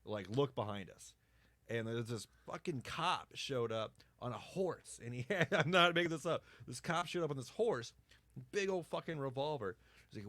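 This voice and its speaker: A man's voice: mid-range voice, moderate pace, no echo. A man hosting a podcast, telling a rambling story full of swearing and laughter. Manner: profane, animated storyteller who laughs often. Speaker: podcast host. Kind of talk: casual storytelling chat.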